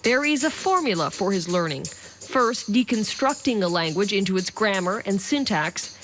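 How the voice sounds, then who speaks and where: A woman in a mid-range voice narrates a news feature with a measured, scripted delivery. Clear background music runs under her reading, giving it a polished broadcast feel. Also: medium pitch, expressive, a bit bright. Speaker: narrator, reporter.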